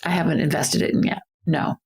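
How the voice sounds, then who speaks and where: A woman in her forties co-hosting a podcast, chatty and easygoing, thinking out loud in a casual conversation. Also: a little fast. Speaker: podcast co-host, business owner.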